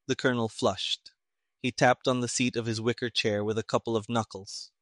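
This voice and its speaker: A man narrating an audiobook in a steady, plain storytelling manner. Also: medium pitch, moderate pace, no echo, studio quality.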